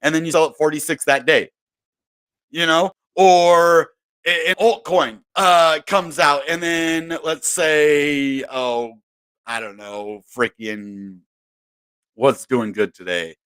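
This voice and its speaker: A man talking through the crypto market in a loose, rambling way, restarting sentences and sounding fed up. His voice sits a bit high for a man. It has a bright, forceful tone. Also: steady tone, takes it slowly, clear, resonant tone. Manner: rambling, exasperated, self-interrupting. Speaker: crypto video host. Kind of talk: casual market commentary.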